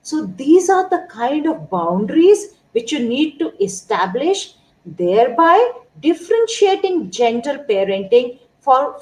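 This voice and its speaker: A middle-aged woman speaks as a pediatrician advising parents. Her voice sits a little high and moves a great deal in pitch, rising and falling expressively. She takes her time, laying out each point slowly and deliberately. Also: a little mellow, low-quality recording. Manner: measured, explanatory, lists points one by one. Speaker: pediatrician giving parenting advice. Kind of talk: informative talk to parents.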